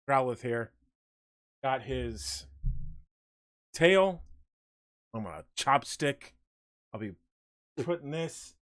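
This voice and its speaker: Young guy streaming, talks slow and rambly while painting, greets chat. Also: medium pitch, a bit bright. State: out of breath. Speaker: livestream host painting figures. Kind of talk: casual livestream chat.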